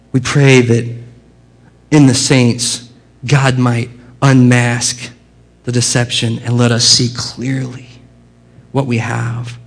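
A man preaching a sermon as a pastor, earnest and expressive, dropping quiet and rising with emphasis. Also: mid-range voice, creaky.

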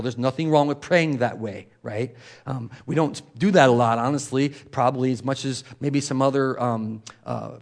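A pastor preaches loosely and conversationally, as if chatting with his congregation, dropping fillers and quick asides along the way. His voice sits at a middle pitch, softening to a hushed tone whenever he recites prayers.

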